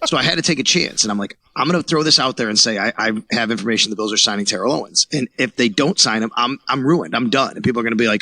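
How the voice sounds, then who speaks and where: A man's voice: mid-range voice, fast talker, hardly any pauses, sharp tone, dry recording. A man from Buffalo, New York, a sports reporter who is a podcast guest, telling his story animatedly and acting out quoted dialogue. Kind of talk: casual storytelling interview.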